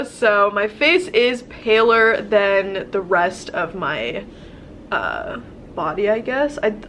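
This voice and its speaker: A woman's voice: medium pitch, fairly bright tone, slight background noise. A young woman with a nasal, stuffy voice from a cold, chatting casually and rambling through her makeup routine. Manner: chatty, rambling, self-deprecating. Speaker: beauty vlogger. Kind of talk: casual get-ready-with-me chat.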